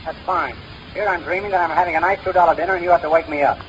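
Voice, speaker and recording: An actor playing a fast-talking, wisecracking male con man in an old radio comedy. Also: fairly high pitch, fairly even intonation, slight background noise, close to an everyday voice. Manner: rapid wisecracking patter. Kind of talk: 1930s radio comedy acting. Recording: dull lo-fi old radio recording.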